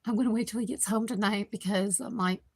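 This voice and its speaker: A woman's voice: mid-range voice, steady tone, fast, slightly rough, no room sound. A woman, rambling casually as she hosts a live stream from her home kitchen and chats with viewers by name. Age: 50s. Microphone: computer microphone.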